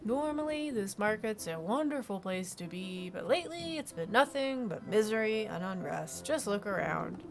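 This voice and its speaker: A woman voicing a sad, drawn-out unicorn. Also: mid-range voice, very animated, creaky. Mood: mournful. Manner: slow, drawn-out mournful delivery. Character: sad weary unicorn spirit.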